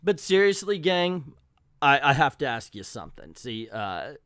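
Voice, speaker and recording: A man's voice: mid-range voice, big pitch swings, moderate pace, a bit bright, no room sound, studio quality. A man hosting a comic book video, recapping a story in a chatty, jokey way. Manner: chatty, jokey, owns up to slips. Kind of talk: casual commentary and recap.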